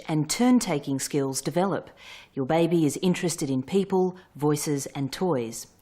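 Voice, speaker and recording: A woman calmly reading scripted instructional narration for parents. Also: lowish voice. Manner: calm, instructive. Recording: voice-over with faint music behind.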